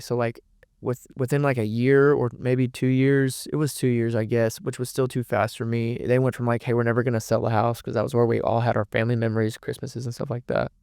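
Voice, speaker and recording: A man's voice: mid-range voice, darkish tone, smooth, no room sound, studio quality. A young man, telling a painful family story as a podcast guest in a rambling, emotional way, with many restarts and curse words. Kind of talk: candid personal storytelling.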